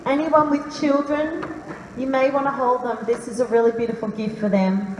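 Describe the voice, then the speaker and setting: A woman calmly guiding a live audience through a breathing meditation in a large hall, speaking slowly and soothingly. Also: high voice, a little hiss or hum. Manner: calm, slow and soothing. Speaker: workshop leader. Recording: roomy hall reverb, faint ambience.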